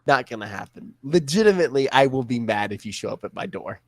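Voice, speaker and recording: A man's voice: medium pitch, lively intonation, quick pace, no room sound. A young man co-hosting a podcast, talking bluntly and swearing freely in casual chat. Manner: blunt, profane, self-deprecating. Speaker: podcast co-host.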